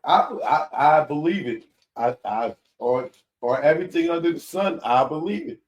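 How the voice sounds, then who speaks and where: A man, hosting a live commentary show in a casual, animated way that keeps repeating his points. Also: on the high side, normal speed, highs cut off. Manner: animated, laughing, repeats himself.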